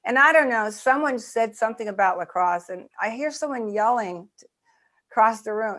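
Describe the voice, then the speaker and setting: A woman documentary filmmaker telling an animated story in a video-call interview. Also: normal speed. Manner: lively storyteller, voices raise high when acting out quotes.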